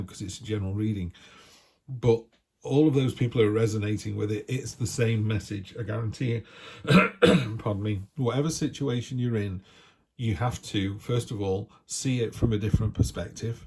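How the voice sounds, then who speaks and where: Man, tarot reader, husky, dark mellow tone, chatty and encouraging. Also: lowish voice, normal speed. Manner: chatty, encouraging, repeats words and restarts. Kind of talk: casual weekly tarot reading.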